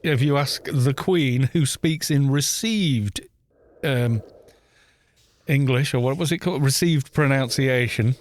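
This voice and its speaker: With a medium-pitched voice and a slightly slow delivery, this man from Wales chats casually while streaming a game. His talk rambles, broken up by joking asides.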